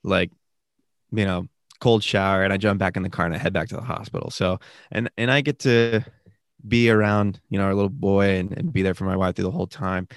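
Animated young man telling a story. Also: low-pitched, fairly quick, no echo, studio quality. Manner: animated, rambling with many fillers. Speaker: podcast guest, new father. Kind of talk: casual storytelling chat.

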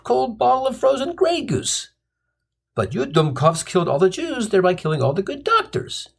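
A man's voice: high voice, husky. A man hosting a comic storytelling podcast, telling a sardonic, rambling monologue full of tangents and crude punchlines.

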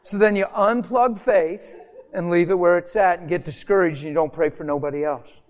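A male preacher telling stories in an impassioned sermon, swinging from loud, animated delivery to hushed, intimate tones. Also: high voice, moderate pace. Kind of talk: sermon with storytelling.

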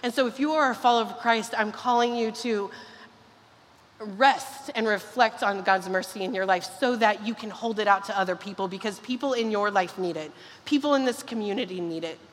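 Fervent woman preaching in a reverberant hall. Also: mid-range voice. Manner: earnest, fervent, with quick bursts. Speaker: pastor. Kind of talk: sermon and closing prayer. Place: large church hall. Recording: long reverb of a church hall.

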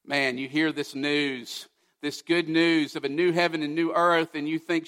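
A man preaching a sermon, emphatic, asking rhetorical questions and swinging from loud to hushed. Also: a little high, fairly even intonation, unhurried, big-room sound. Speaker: pastor.

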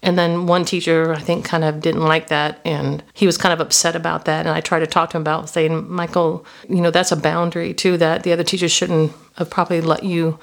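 A woman's voice: low-pitched, level tone, a little fast, creaky, few pauses. A woman in her fifties, hosting a podcast and telling personal stories as reflective Christian teaching. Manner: storytelling, personal and confessional. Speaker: podcast host.

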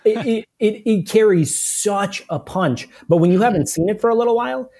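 A man's voice: high voice, normal speed, mellow. Man, podcast co-host, rambling, stumbling restarts, casual talk. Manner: rambling, many restarts and repeated words. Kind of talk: casual chat.

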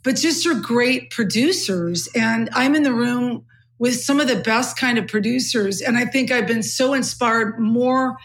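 A middle-aged woman from California hosting a podcast, with a low textured voice. She thinks aloud in casual chat, full of fillers. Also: a little slow. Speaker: podcast host.

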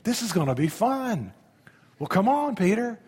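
A man's voice: high-pitched, very animated, moderate pace, a little mellow, breathy edge, pitched above the performer's own voice, heavily acted. A man voicing Jesus as a cheerful, reassuring friend, in a casual, friendly tone. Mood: playful. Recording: long hall reverb.

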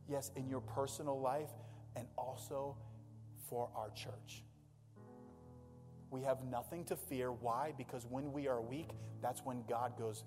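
A man's voice: mid-range voice, normal speed, a little mellow, soft background music. Impassioned male pastor preaching in a reverberant hall. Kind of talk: sermon. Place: church sanctuary.

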